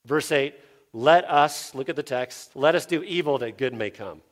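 A man preaching an expository sermon as a pastor, earnest, dropping low and quiet for scripture and rising when he voices objectors. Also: normal speed.

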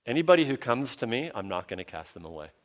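A man's voice: mid-range voice, very animated, fast talker. Earnest male pastor preaching. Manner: earnest, emphatic, repeats words for stress. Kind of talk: sermon with closing prayer.

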